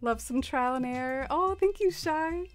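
A young woman streamer with a slightly high voice, chatting softly and loosely with her viewers as she plays. She rambles, leans on fillers and lets her thoughts trail off. Faint game music plays quietly behind her. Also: measured pace. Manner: soft-spoken and rambling, many fillers and trailing off. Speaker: live streamer. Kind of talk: casual stream chat while playing a game.

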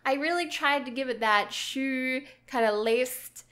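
A woman's voice: sits high, measured pace, a bit bright. A young Australian woman chatting in a casual, bubbly, rambling way as a game YouTuber. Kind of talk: casual vlog commentary.

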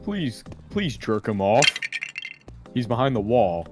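A teenage man chatting casually over gameplay, goofy and foul-mouthed, yelling in panic at times. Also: mid-range voice, big pitch swings, takes it slowly, over loud music. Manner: goofy, swears a lot, yells in panic. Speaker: gaming YouTuber.

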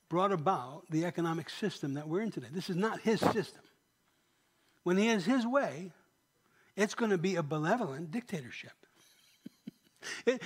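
A man's voice: sits high, slightly rough. A man, a pastor, preaching a sermon in a church, emphatic and often asking the congregation questions.

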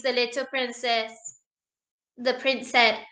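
A woman reading a picture book aloud to children in an animated, coaxing way. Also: on the high side, slow, pauses often, reverberant. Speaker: storybook reader.

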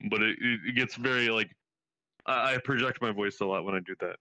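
A man chatting casually in a virtual world, rambling with restarts and quick laughs. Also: on the low side, sharp tone, no room sound. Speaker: streamer exploring a virtual world. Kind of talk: casual chat. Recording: slightly dull lo-fi voice chat.

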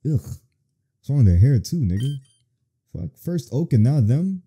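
A man commenting on a horror game as he plays, crude and profane in his jokes and reactions. His voice is very dark and husky, swinging up and down in lively pitch, with faint game music underneath. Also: a little slow, long pauses. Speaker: gaming video host. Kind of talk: let's play commentary.

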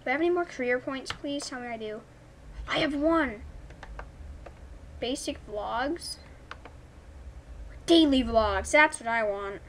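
A young woman from Canada giving chatty, excitable commentary while playing a game at home, thinking aloud. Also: high voice, measured pace, long pauses, a little hiss or hum. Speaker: gaming YouTuber. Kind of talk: casual gameplay commentary. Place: home room. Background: family's movie faint in background.

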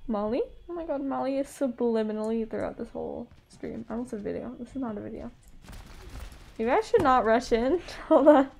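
A woman's voice: fairly high pitch, fairly quick, creaky, a little mellow. A woman streaming a game live, chatting bubbly to her chat and laughing often. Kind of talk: live gameplay commentary.

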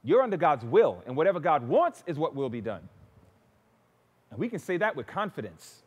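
Animated male preacher in echoing church. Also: on the high side, normal speed, breathy edge, lo-fi sound. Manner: animated storytelling, acting out quoted people. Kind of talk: sermon. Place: church sanctuary. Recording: long church reverb.

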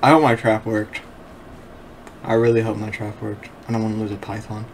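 A young man giving casual commentary over his own gameplay, excitable, laughing often and swearing freely. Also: on the low side, brisk, a little hiss or hum. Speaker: gameplay video creator.

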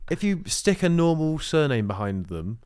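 एक ब्रिटिश लहजे वाला आदमी, पॉडकास्ट का सह-होस्ट, जो आराम से, हँसी-मज़ाक में अपने साथी को चिढ़ाता है।. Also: male voice, fairly high pitch, very animated, moderate pace, a little mellow, clean tone, dry recording, clean studio sound. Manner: teasing, laid-back, amused. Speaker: podcast co-host. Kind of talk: casual chat.

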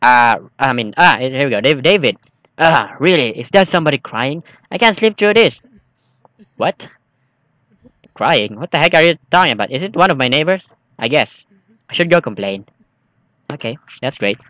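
Jumpy bright-voiced man playing a game. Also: mid-range voice, lively intonation, moderate pace, dry recording. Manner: jumpy, exclaiming, nervous chatter. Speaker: gaming streamer. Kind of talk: let's play commentary, reading game text aloud.

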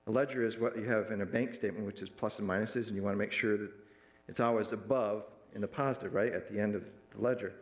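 A man's voice: lowish voice, fairly even intonation, quick pace. Man preaching in a roomy church. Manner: retells a counseling story, acting out quoted dialogue. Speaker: pastor. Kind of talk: sermon storytelling. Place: church sanctuary.

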